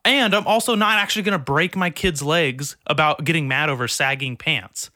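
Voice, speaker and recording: Heller, fluchender junger Mann. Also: male voice, on the high side, normal speed, no echo, clean studio sound. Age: 20s. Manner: profane, animated storytelling with many fillers. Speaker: stand-up comedian. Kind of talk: casual podcast chat.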